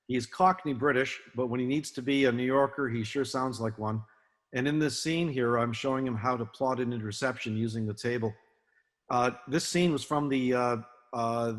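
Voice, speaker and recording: An older man giving an illustrated talk to an audience, relaxed and anecdotal, with many fillers and restarts. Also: medium pitch. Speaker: guest speaker, film naval advisor. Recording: long hall reverb.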